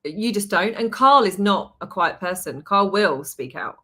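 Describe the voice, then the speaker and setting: Bright-voiced woman telling a story. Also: medium pitch, a little slow. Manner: animated storytelling, swears, acts out quotes. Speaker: podcast host. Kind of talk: casual chat.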